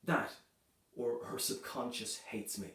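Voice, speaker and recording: Man doing dark deadpan stand-up, echoey. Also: lowish voice, unhurried. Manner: dark deadpan jokes, conversational with many "you know" and "right". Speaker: stand-up comedian. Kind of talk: stand-up comedy set. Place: comedy club stage. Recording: echoey room, voice from a distance.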